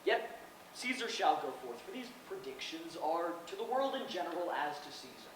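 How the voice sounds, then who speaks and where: A man's voice: fairly high pitch, big pitch swings, normal speed. A man playing Caesar, a proud and defiant Roman ruler in an outdoor stage play, declaiming boastfully. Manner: boastful, declamatory, talks of himself by name. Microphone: far camera. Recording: distant, echoey open-air stage recording with noise.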